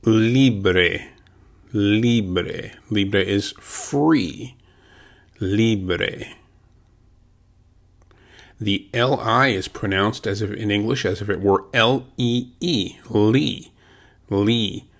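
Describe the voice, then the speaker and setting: A man teaching a language lesson, patiently saying words slowly and repeating them for practice. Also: lowish voice, creaky.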